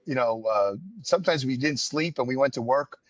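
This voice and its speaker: A man's voice: mid-range voice, moderate pace, no room sound. Older new guy rambling thru old stories, lots of ums, dull lo-fi dry sound. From New York area, US. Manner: rambling, wry storyteller with many fillers. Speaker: podcast host. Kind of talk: casual chat, storytelling.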